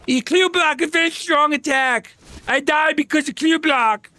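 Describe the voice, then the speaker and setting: A man putting on a whiny male online gamer who complains slowly in broken English. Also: very high-pitched, bright, forceful tone, slight background noise, pitched above the performer's own voice. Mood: whining.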